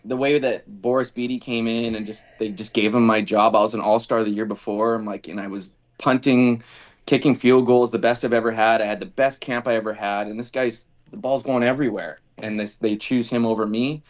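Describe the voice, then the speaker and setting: With a mid-range voice and a slightly quick delivery, this ex-kicker spins casual anecdotes during a podcast interview. He brings them to life by performing the quoted dialogue of the people in them.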